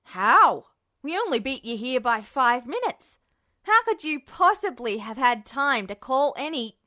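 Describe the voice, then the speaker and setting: A man's voice: high-pitched, fairly even intonation, slow pace, a bit bright, clear, resonant tone, no echo, clean studio sound. A woman voicing a startled young male soldier who stammers in shocked outbursts.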